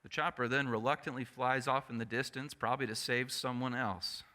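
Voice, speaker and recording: A male pastor preaching a sermon in an animated storytelling manner, often turning to the congregation with asides. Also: mid-range voice, brisk. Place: church sanctuary. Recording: echoey church sanctuary.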